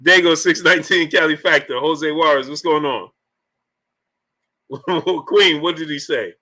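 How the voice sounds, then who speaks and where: A man's voice: fairly high pitch, measured pace, bright, forceful tone. A man hosting a sports live stream, reading viewer messages aloud, laughing often until he is in tears. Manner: laughs often, emotional, slangy. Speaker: sports channel host. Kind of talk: live-stream chat, reading super chats.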